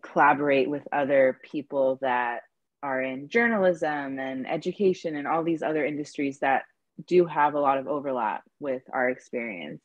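A woman with a very low voice speaks on an online panel, stuttering with frequent repeats and restarts. Her sound is dry and close, as on a video call. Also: dry recording, highs cut off.

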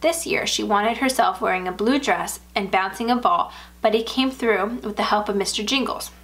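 Woman, storyteller, calm measured reading, middle pitch, close mic. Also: creaky. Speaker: narrator. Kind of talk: reading a first-person horror story.

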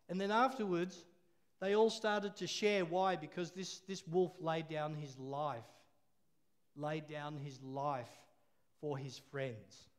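A man preaching a sermon, telling a story with laughs and call-and-response. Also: on the high side.

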